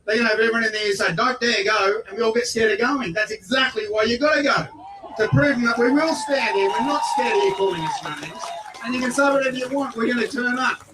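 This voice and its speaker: A man's voice: very high-pitched, fast talker, background noise. Blunt Australian man giving a rally speech. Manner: blunt, folksy, building to shouted points. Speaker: politician speaking at a rally. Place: outdoor rally. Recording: voice picked up from far off.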